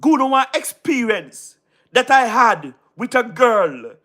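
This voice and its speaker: A man from Jamaica with a Jamaican Patois accent, livestreaming casually, giving shout-outs to viewers and repeating himself emphatically. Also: very high voice, sing-song, takes it slowly. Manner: repetitive, keeps asking "you understand what I mean", emphatic. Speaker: YouTube live streamer.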